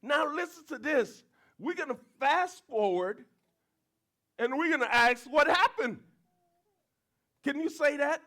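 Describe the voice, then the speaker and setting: A man's voice: extremely high pitch, measured pace. A man preaching a sermon as pastor, switching into Creole and acting out crowd voices. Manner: animated, switches between English and Creole, acts out crowd voices. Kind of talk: bilingual sermon.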